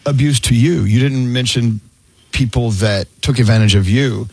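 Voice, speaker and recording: A man's voice: mid-range voice, moderate pace, creaky, a little mellow, husky, dry recording. A man hosting a talk show, asking probing and playful questions. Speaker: interview host.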